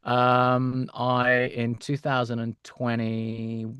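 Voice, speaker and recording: A man's voice: mid-range voice, monotone, drawn-out words, fairly bright tone, smooth, no echo, muffled recording. A middle-aged man chats easily in an interview, telling stories with lots of energy, laughing often and breaking into character voices. His voice sits in a mid register and is recorded close and dry. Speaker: voice actor, guest. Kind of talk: casual interview chat.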